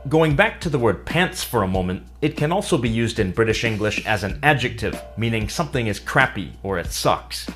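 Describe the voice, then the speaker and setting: A man giving a scripted English lesson, explaining clearly with dry humor. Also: lowish voice, animated, brisk, few pauses, fairly bright tone, faint music behind. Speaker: English teacher. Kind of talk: scripted educational narration.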